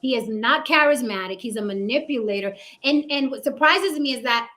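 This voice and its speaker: A woman hosting a heated panel discussion, emphatic and profane, sometimes mimicking men in a low mocking tone. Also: animated, brisk, pushed and bright, slight background noise. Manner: acts out men's voices in a low mocking tone. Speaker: panel host.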